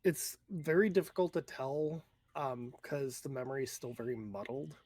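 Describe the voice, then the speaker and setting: A man narrating a tabletop role-playing game as game master, describing scenes in a halting, searching way. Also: medium pitch, darkish tone, no room sound.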